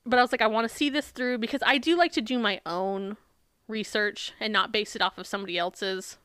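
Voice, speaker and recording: A woman's voice: mid-range voice, a little fast, a bit bright, smooth, no echo, clean studio sound. A woman co-hosting a podcast in casual chat, sarcastic and swearing often as she retells a book. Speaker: podcast co-host.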